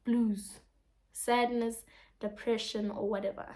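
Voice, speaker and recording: Woman with a high voice, reads poem lines then breaks them down, lots of "right?". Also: level tone, slow pace, warm tone. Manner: reads verses then explains, asking rhetorical questions. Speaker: tutor explaining a poem. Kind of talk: casual poetry lesson.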